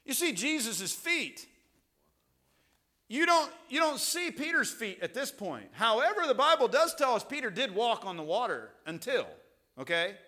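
A man preaching a sermon as pastor, chatty and rambling with asides, rising to loud, emphatic peaks. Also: very high voice, very animated, moderate pace. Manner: conversational, rambling with asides and restarts.

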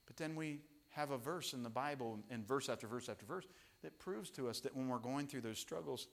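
A man, a pastor and father, preaching a sermon mixed with family stories, swinging from loud emphasis to hushed tones. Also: mid-range voice, a little fast, gravelly. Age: young children at home, father.

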